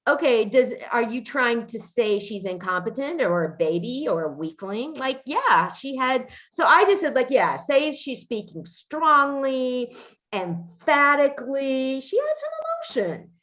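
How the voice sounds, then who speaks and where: A woman's voice: sits high, very animated, unhurried, fairly bright tone. A woman hosting a podcast in casual chat, ranting indignantly with frequent swearing and restarts. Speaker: podcast host.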